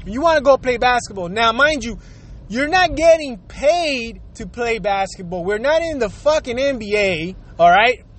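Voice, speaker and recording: A middle-aged man with an unusually high-pitched voice vents straight to his audience. He swears freely, repeats himself and keeps hammering rhetorical questions in a heated rant. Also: lively intonation, normal speed, a bit bright. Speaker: vlogger. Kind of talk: profane ranting monologue.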